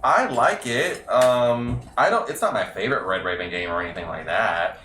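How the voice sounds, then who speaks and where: A man's voice: mid-range voice, normal speed, noisy background. A man co-hosting a live board game stream, chatting casually about the game and the upcoming schedule. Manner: chatty, lively, wraps up with schedule news. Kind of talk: casual chat. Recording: roomy, mic a bit far, faint music.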